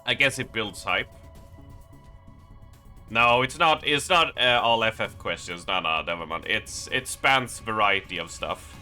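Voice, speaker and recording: Chatty young male streamer, bright voice. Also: medium pitch. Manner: rambling, chatty, with lots of fillers. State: strained, slightly worn voice. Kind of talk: casual live-stream chat.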